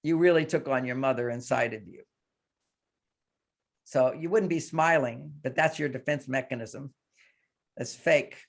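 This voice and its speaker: A man's voice: mid-range voice, measured pace, creaky, pauses often. A man leading an emotional coaching session, emphatically voicing anger in the first person to demonstrate the exercise.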